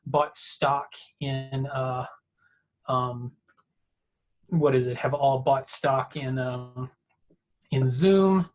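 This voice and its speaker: A man, giving a heartfelt personal talk over a video call, emotional and repetitive, swinging from hushed to excited. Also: mid-range voice. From Atlanta area, US.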